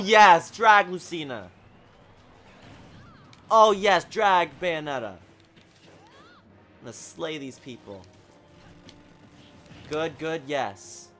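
Excitable man yelling over gameplay. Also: on the high side, measured pace, long pauses, faint music behind. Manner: excitable, talks at the game, swings from mutters to shouts. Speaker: gaming channel host. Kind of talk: live gameplay commentary.

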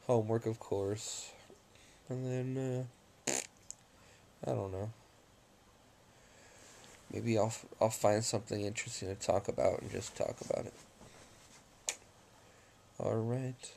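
A young man vlogging casually at home, speaking in a slow, low-key way and talking to his dog. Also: steady tone, vocal fry, warm tone, a little hiss or hum. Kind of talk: casual vlog chat. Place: at home indoors.

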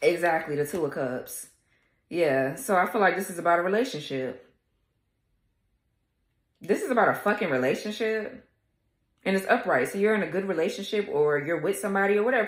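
Female tarot reader, blunt and cussing, lowish voice, roomy echo. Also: animated, quick pace. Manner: blunt, profane, sassy; talks straight to viewers, laughing at times. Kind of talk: casual tarot reading to viewers.

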